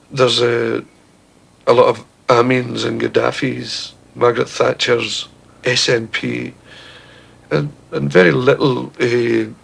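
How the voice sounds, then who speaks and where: A man's voice: medium pitch, creaky, fairly bright tone, breathy edge. A Glaswegian Scottish man answering interview questions in a thoughtful, wry, slightly hesitant way. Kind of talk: reflective interview talk.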